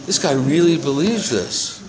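Unhurried and with lively intonation, a man in his seventies shares his rambling, profane, self-mocking testimony with a small audience in a meeting room. His voice is a little high, and the poor audio includes crowd noise.

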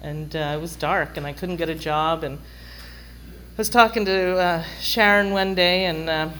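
A woman's voice: on the low side, fairly even intonation, unhurried, a bit bright, slight background noise, low-quality recording. Wry storyteller woman. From London. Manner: wry, chatty, acts out quoted voices. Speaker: speaker sharing a recovery story. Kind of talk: humorous personal storytelling.

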